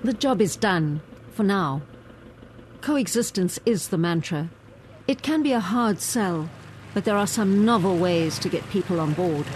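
A woman reporter reading a scripted news narration in a measured, even way. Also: lowish voice, a little hiss or hum.

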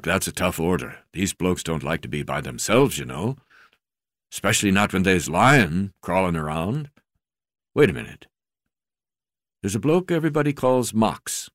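A man reading as a croaky, swearing old magistrate. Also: low-pitched, fairly bright tone, no echo, clean studio sound, heavily acted. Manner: coarse, swearing, boisterous. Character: gruff hard-drinking portly old male magistrate.

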